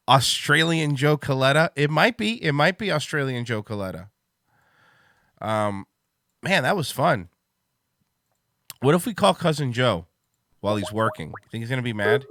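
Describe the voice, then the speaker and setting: A man hosting a livestream show, chatting casually, excitable and swearing freely. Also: medium pitch, no echo, clean studio sound.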